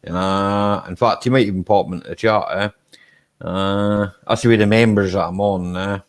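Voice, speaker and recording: A Scottish man hosting a casual live-stream chat, relaxed and chatty, laughing easily and tagging his sentences with "eh?". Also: fairly low pitch, normal speed, clear, resonant tone. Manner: relaxed and chatty, ends lines with "eh?".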